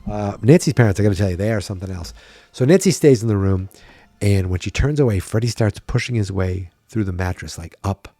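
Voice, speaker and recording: Man, podcast host, tired, lowish voice, dry close sound, casual wry solo recap. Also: lively intonation, brisk, dark tone, dry recording. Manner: chatty, wry, thinking aloud.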